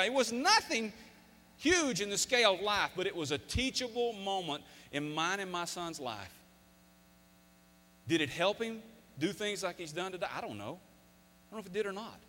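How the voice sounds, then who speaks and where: A man's voice: high voice, fairly bright tone. A man in his fifties, a former coach, gives a folksy, emphatic motivational talk, telling stories to an audience. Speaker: speaker, former football coach. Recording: long hall reverb.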